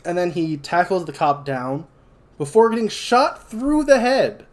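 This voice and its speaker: A man's voice: high voice, animated, unhurried. Rambling young man recapping a movie. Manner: rambling recap with fillers and laughs. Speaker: podcast co-host. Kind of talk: casual movie review chat.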